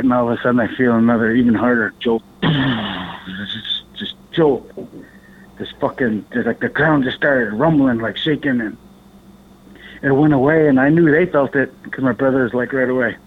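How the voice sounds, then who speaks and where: A man from Alaska, a podcast guest, telling a rambling story in casual talk, swearing now and then and acting out what others said. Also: mid-range voice. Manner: rambling, animated, swears, acts out others' lines. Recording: tinny phone-like line.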